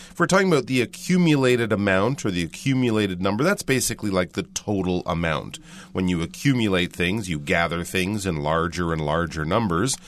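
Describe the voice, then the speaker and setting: A man co-hosting an English lesson, upbeat and animated, often agreeing before he explains. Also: on the low side. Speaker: English teacher and co-host.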